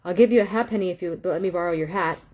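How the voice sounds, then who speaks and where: A woman's voice: fairly low pitch, very fast, a little mellow, natural voice. A woman voicing a sly young man in disguise, talking in a persuasive, wheedling patter in a storybook reading.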